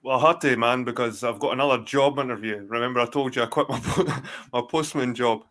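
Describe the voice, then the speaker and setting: A Scottish man in his forties talks in a middle-pitched voice, swearing freely as he winds through a long, loose story. He trips over himself and restarts often. He sounds like he is on a video call. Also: steady tone, fairly quick, fairly bright tone. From Scotland. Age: 40s. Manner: rambling, profane storytelling with many restarts. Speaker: guest. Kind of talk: casual chat.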